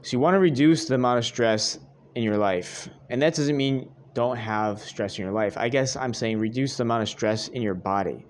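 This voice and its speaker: Speaking at a normal speed with a medium-pitched voice, a young dating coach gives sincere advice directly to his viewers, repeating points and calling them "guys." Slight background noise can be heard.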